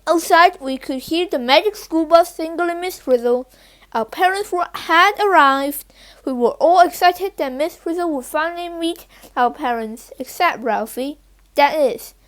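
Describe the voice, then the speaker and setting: A woman reads a children's picture book aloud, stumbling and restarting now and then. Her voice is very high, and she takes the text slowly and carefully. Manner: halting, with slips and restarts. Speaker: reader.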